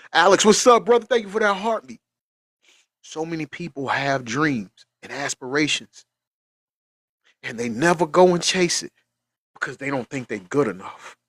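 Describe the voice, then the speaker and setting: A man's voice: medium pitch, fairly bright tone, husky, dry recording. A middle-aged man, hosting a casual livestream, earnest and emotional, repeating phrases for emphasis and choking up at times. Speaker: livestream host.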